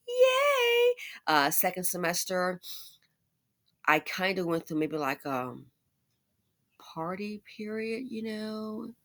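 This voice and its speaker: Chatty woman with a low voice. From United States. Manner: conversational, animated asides and laughs. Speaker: commentary YouTuber. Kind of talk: casual commentary monologue.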